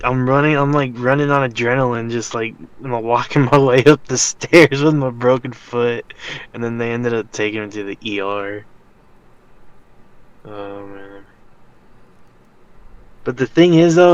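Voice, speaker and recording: A young man co-hosts a casual podcast and tells a rambling story, full of fillers and restarts. His voice sits at an ordinary middle pitch for a man. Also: normal speed, clear, resonant tone, no echo, lo-fi sound. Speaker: podcast co-host. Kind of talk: casual chat.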